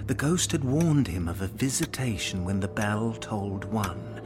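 A man narrating a classic story in a measured, expressive way, sometimes dropping to a whisper. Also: fairly low pitch. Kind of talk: dramatic audiobook reading. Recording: narration over music.

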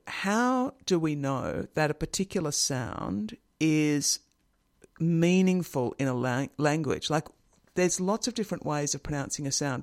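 Gravelly-voiced man explaining sound systems. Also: fairly high pitch. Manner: conversational, many fillers, explains with examples. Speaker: host explaining linguistics. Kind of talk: casual educational talk.

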